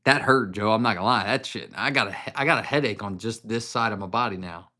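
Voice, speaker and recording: A man's voice: on the low side, fast talker, bright, forceful tone. A man hosting a whiskey livestream from his home, chatting loosely and joking as he walks to his garage holding his phone. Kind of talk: casual livestream chat. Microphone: handheld phone.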